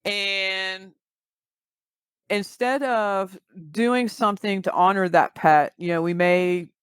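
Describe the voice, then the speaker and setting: A woman guest, a grief recovery specialist, explaining in measured interview talk with vivid everyday examples. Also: medium pitch, steady tone, smooth, no echo.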